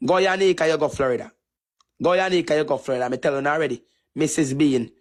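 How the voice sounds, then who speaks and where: A man's voice: a little high, brisk. A man with a Jamaican Patois accent delivering a repetitive, taunting insult rant on a live stream. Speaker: TikTok streamer.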